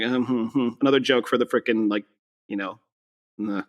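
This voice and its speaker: A man's voice: mid-range voice, fairly even intonation, brisk, fairly bright tone. A man co-hosting a podcast, chatting casually about a movie in a sarcastic way, often laughing and mocking lines in put-on voices. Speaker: podcast co-host.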